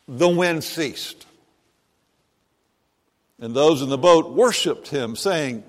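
A pastor giving a sermon in a church, reading scripture aloud and then preaching in an animated, conversational way. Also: male voice, fairly high pitch. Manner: slow and animated, voicing the disciples and Jesus in quoted lines. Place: church sanctuary. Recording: long reverb of a large hall.

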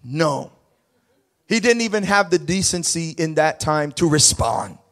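High-voiced preacher man, animated storytelling. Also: unhurried. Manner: animated, dramatic storytelling that swings between quiet asides and loud bursts. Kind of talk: sermon storytelling.

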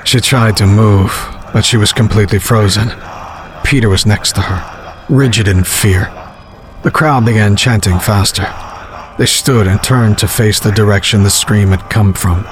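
A man narrating a horror story in a measured, grim storytelling manner. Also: lowish voice, fairly even intonation, noisy background.

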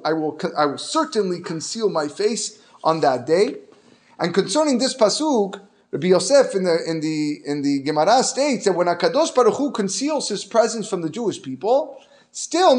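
A man teaching a Torah lesson as a lively story, mixing in Hebrew terms and restarting phrases as he goes. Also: high-pitched.

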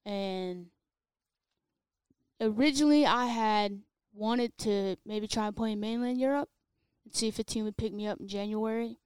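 A woman's voice: medium pitch, moderate pace, darkish tone, smooth, no echo. A woman, a soccer player, chatting easily as a podcast guest and telling stories. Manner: easygoing, storytelling. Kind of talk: casual interview chat.

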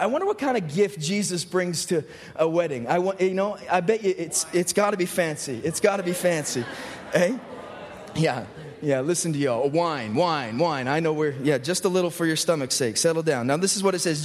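A man preaching a lively sermon, joking with the congregation and often asking rhetorical questions. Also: high voice, normal speed. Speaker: pastor. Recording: hall with long reverb.

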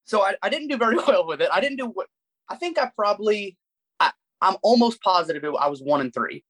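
A man's voice: sits high, expressive, brisk, fairly bright tone, poor audio. A young man co-hosting a podcast, telling self-deprecating stories in a casual chat with lots of restarts. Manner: rambling, self-deprecating storytelling with frequent restarts. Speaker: podcast co-host.

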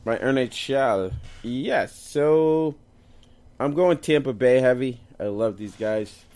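A man's voice: mid-range voice, takes it slowly, darkish tone. A man co-hosting a casual sports chat, loose and jokey, tripping over hard names as he lists his picks. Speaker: co-host picking fantasy lineups.

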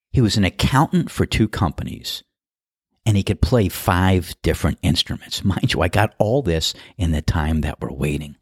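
A low-voiced man with a husky edge tells a story in a casual, wry way, poking fun at himself. The sound is dry and close, with no room around it. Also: no room sound. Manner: wry, conversational, self-deprecating. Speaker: podcast host and golf starter.

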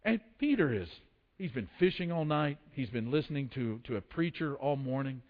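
A man's voice: medium pitch, animated, normal speed. Man, sermon, storytelling preacher, long echoing hall. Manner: storytelling with acted quotes and restarts. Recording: dull lo-fi sound in a long-reverb hall.

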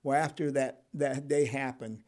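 A man's voice: mid-range voice, steady tone, moderate pace, a little mellow. A retired correctional officer, an older man, telling his life story in an interview, with many ums, restarts and laughs. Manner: rambling, with frequent ums and restarts, laughs often.

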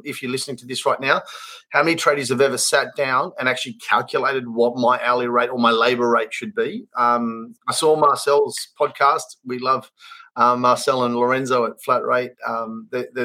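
In a medium-pitched, bright, pushed voice, this Australian podcast host talks in earnest about his trade business. The chat is casual, full of restarts and wandering asides.

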